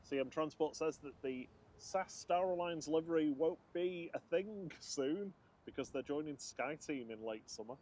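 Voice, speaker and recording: A man's voice: fairly high pitch, normal speed. A man co-hosting a live plane spotting stream outdoors by a runway, casually reading out flights and chat messages. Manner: relaxed, reads out flight details and chat messages. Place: outdoors beside an airport runway.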